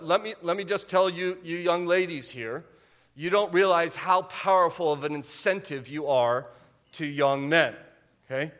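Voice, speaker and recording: A man in his forties preaching a humorous sermon to a church congregation, full of quick asides and repeated "okay?". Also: fairly high pitch, fairly bright tone. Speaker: pastor. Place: church sanctuary.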